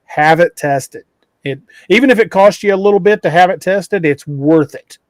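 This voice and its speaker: A man's voice: high voice, normal speed, no room sound. A man co-hosting a podcast, casually giving practical advice and joking with the others.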